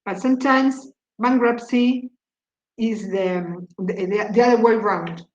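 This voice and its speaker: Slow, halting woman teaching online. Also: on the high side. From Argentina. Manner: halting, repeats words while thinking. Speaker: English teacher. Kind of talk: online class, explaining vocabulary. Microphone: video call. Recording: echoey, dull call audio.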